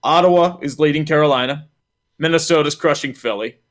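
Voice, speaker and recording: A man's voice: fairly high pitch, a little fast. A man co-hosting a casual sports talk stream, breaking down coaching moves and reading out scores.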